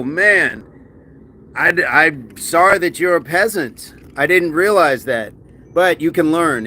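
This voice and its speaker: A man hosts a laid-back livestream with a bright, forceful voice. He chats and jokes with his viewers, slipping in quick asides and restarting sentences as he answers their comments between sets of push-ups. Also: mid-range voice, a little hiss or hum. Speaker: livestream host. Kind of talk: casual live-stream chat, reading comments aloud.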